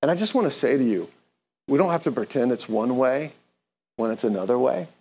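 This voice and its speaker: A man's voice: medium pitch, expressive, a little fast, mellow, slightly rough. A man preaching an earnest, conversational sermon, leading the congregation in call-and-response. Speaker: pastor.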